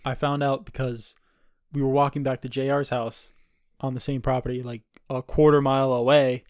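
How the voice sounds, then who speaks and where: A man's voice: medium pitch, little pitch movement, moderate pace, darkish tone, no echo, studio quality. A man in his twenties, co-hosting a podcast and telling a rambling, profane party story in casual chat. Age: 20s. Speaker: podcast co-host.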